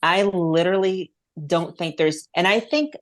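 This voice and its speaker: A woman hosting a casual chat, enthusiastic and animated as she retells favorite scenes. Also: on the low side, measured pace. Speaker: podcast host.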